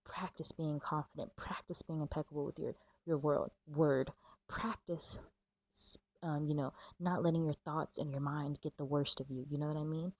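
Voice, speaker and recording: A woman's voice: low voice, fairly even intonation, moderate pace, a little mellow, rough recording. A woman giving a casual, chatty tarot reading to camera, full of fillers and a little out of breath. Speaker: tarot reader.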